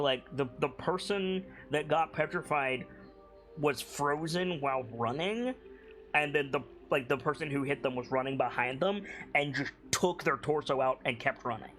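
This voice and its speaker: A man's voice: medium pitch, measured pace, a bit bright, faint music behind. A man as game master of a tabletop game, explaining the scene loosely with many fillers.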